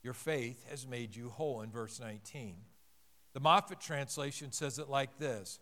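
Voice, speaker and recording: A man preaching a sermon earnestly, swelling louder and slowing down on the key phrases. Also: mid-range voice. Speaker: pastor.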